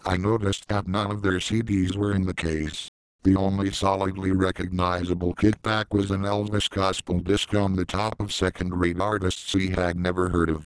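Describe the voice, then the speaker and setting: A man reading a first-person story aloud in a deadpan, profane manner on a close mic. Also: deep voice, moderate pace, clean tone, no room sound, poor audio.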